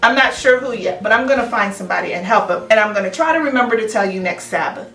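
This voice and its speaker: A woman's voice: medium pitch, lively intonation, quick pace, slight background noise. A woman teaching a children's Sabbath school class, chatting playfully and teasing as she talks through the lesson with a child. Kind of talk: casual chat with a child. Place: church. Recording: echoey room, distant mic, soft music.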